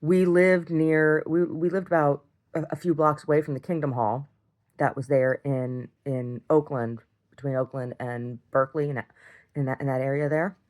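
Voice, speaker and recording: A woman's voice: sits low, steady tone, normal speed, darkish tone. A middle-aged woman telling a story in a casual video diary, rambling, restarting and repeating words, and swearing when heated. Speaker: video diarist.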